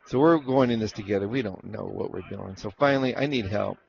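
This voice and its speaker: Over a lo-fi recording with a little hiss or hum, a man with a lowish, gravelly, darkish voice talks fairly quickly. In a casual storytelling interview, he rambles through anecdotes from his years training racehorses, acting out other people's lines and often restarting his sentences.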